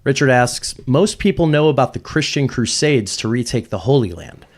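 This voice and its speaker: A man serving as quizmaster on a podcast game. He reads each listener question in a brisk, upbeat announcing voice, then confirms the answers. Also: medium pitch, animated. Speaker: guest quiz host. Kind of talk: reading out trivia questions and answers.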